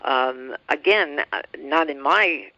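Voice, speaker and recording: A woman hosting an interview show, asking questions and sharing anecdotes in an unhurried, conversational way. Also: deep voice, sharp tone. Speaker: talk show host. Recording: dry, muffled lo-fi audio.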